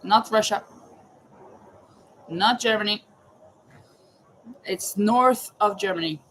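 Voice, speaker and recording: Slow, chatty woman hosting a quiz. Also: medium pitch, fairly bright tone, slight background noise, poor audio. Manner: chatty, reads questions aloud and greets viewers by name. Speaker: livestream host running a trivia quiz. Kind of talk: casual live chat while crocheting.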